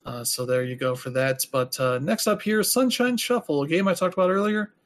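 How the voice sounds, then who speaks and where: A man's voice: fairly high pitch, expressive, brisk. A man hosting a podcast, talking casually and rambling with lots of filler words. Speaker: podcast host. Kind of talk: casual chat.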